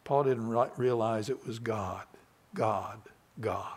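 A man preaching a sermon, reading scripture quietly and then building to loud, emphatic passages. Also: lowish voice, takes it slowly, breathy edge.

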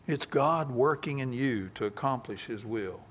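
A man preaching a sermon, reading scripture quietly and then building to loud, emphatic passages. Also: mid-range voice, a little slow, a little hiss or hum.

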